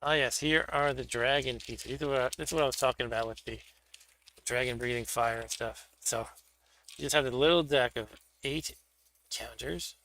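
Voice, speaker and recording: A man's voice: mid-range voice, normal speed, vocal fry, sharp tone, slight background noise. A man hosting a board game stream, chatting casually and thinking aloud as he sets up pieces for a solo game. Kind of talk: casual solo play-through commentary.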